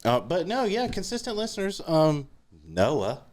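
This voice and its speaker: A man's voice: on the high side, wildly swooping pitch, unhurried, darkish tone. A man co-hosting a podcast in casual chat, easygoing and agreeable, often restarting his sentences. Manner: easygoing, lots of "yeah" and repeated starts. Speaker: podcast co-host.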